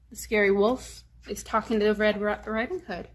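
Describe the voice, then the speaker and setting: A woman's voice: mid-range voice, fairly even intonation, a little slow. A woman leading a children's storytime, reading aloud and stressing letter sounds to teach phonics. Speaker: children's librarian.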